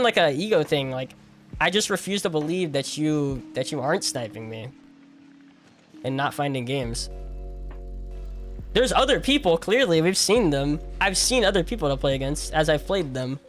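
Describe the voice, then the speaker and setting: With soft music in the background, a young streamer talks to chat in a slightly high, sing-song voice at a moderate pace. He argues casually, sounds incredulous, repeats himself, and relies heavily on slang and the word "like."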